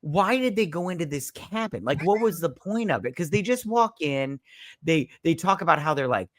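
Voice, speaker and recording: A man's voice: on the high side, animated, moderate pace, fairly bright tone, no echo, clean studio sound. A man co-hosting a casual movie review podcast, rambling and acting out scenes in quoted voices. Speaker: podcast co-host.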